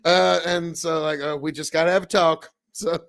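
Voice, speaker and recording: A man's voice: a little high, level tone, moderate pace, gravelly. A man from Nebraska with a rural American accent, hosting a casual live stream and talking bluntly with a lot of swearing. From Nebraska, USA. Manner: blunt, swears often, bursts into loud outrage. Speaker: livestream host.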